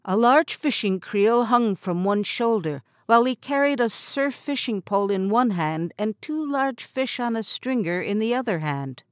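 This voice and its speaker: A woman's voice: fairly high pitch, expressive, moderate pace, few pauses, no echo. Woman narrating an audiobook, dry sound. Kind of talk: scripted narration.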